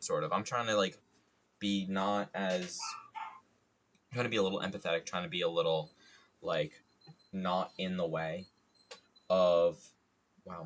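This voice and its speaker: A man's voice: low-pitched, fairly bright tone, slight background noise. A man streaming from home, telling a rambling, jokey story in a casual way. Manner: rambling, jokey, playful idioms. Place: home studio.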